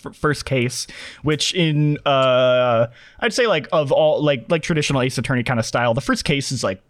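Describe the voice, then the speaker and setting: Man, podcast host, casual chat, animated, dry close sound. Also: medium pitch, moderate pace, no echo. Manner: animated, lots of fillers and acted-out quotes.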